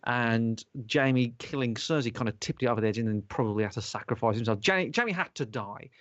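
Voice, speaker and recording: A man, hosting a podcast in casual chat, animated, sweary and rambling. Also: mid-range voice, a little fast, no room sound. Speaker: podcast host. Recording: dull lo-fi sound.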